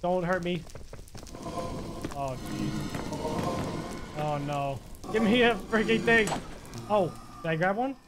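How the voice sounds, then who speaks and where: A young man giving excitable live commentary while playing a video game, muttering one moment and yelling the next. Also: high-pitched, slow, long pauses, music in the background. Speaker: gaming YouTuber.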